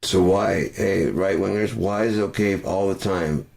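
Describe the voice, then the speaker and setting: Deep-voiced man in a profane rant. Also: moderate pace, gravelly. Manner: profane and furious, shouting at times. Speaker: vlogger. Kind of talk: angry political rant.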